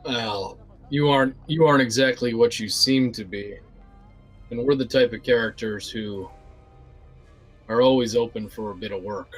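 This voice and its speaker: A man playing a tabletop game, speaking in character in a measured, persuasive way. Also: medium pitch, faint music behind, poor audio. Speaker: player. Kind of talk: tabletop role-play in character.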